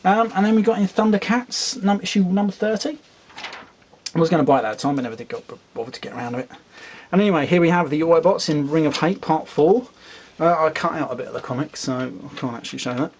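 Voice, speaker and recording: A man's voice: fairly high pitch, fast talker, darkish tone, dull audio, slight background noise. A man casually reviewing comics, rambling, with fillers and asides.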